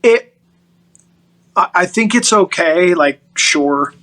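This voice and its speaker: A middle-aged man, a guest on an interview show, telling personal stories in an animated, excitable way. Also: high-pitched, slow pace, rough recording. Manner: animated, excitable storytelling with restarts and laughs. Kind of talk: personal storytelling in a podcast interview.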